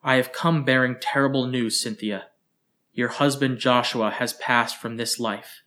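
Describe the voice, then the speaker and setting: A man voicing a gentle, formal male alien with tentacles, speaking in a measured, polite way. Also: mid-range voice, steady tone. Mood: solemn.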